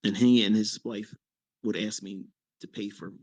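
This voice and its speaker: A man in his fifties, a trading mentor, telling a story in casual talk, bluntly and with swearing, and with sudden emphatic leaps in pitch. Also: fairly even intonation, normal speed, a little mellow, no room sound. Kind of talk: casual storytelling on a live audio chat.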